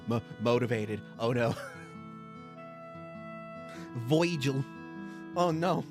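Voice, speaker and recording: A man's voice: mid-range voice, expressive, drawn-out words, long pauses, over loud music. A young man streaming a game, chatting casually, laughing often and swearing. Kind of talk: let's play commentary.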